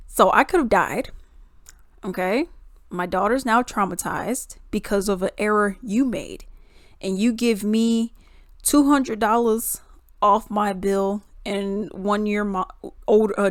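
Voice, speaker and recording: Woman vlogger, casual storytime, animated, exclamatory, mid-pitched voice, dry close recording. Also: dry recording.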